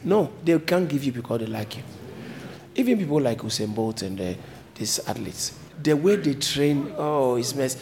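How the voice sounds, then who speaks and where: Animated preaching man, lively pitch. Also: normal speed, slight background noise. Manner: animated preaching, jumping to high emphatic pitch. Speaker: pastor. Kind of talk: sermon.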